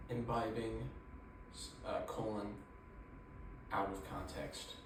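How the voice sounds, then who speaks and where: A man vlogging casually about life at home, rambling with crude deadpan jokes. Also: on the low side, slow pace. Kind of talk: casual vlog chat. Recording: distant echoey room with noise.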